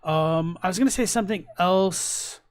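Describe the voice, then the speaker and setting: A young man streams his reactions to videos, chatting casually and rambling a bit, with lots of fillers and restarted sentences in a relaxed manner. He has a high, clear, resonant voice and speaks at a moderate pace.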